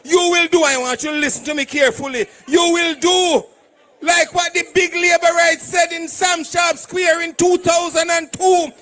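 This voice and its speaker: Jamaican man, rally speech, shouting, very high voice, forceful and bright. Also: steady tone, moderate pace, hardly any pauses, soft background music. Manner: shouting, fiery, call-and-response to the crowd. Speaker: political candidate and doctor at a party rally.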